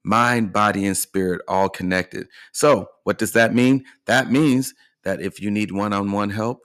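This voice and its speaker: A man's voice: on the low side, moderate pace, hardly any pauses, a bit bright. A man hosting a motivational coaching podcast, speaking earnestly and encouragingly, often checking in with the listener. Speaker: life and fitness coach, podcast host.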